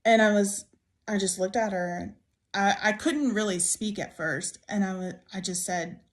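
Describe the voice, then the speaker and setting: A woman's voice: medium pitch, normal speed. A young woman earnestly narrating a ghost story as a storytime, chatty and full of fillers. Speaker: storyteller in a played clip.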